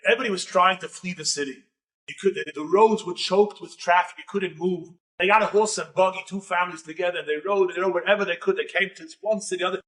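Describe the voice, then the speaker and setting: A man, a rabbi, telling a story in a lecture with animated, building drama. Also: sits high, fast talker, distant mic.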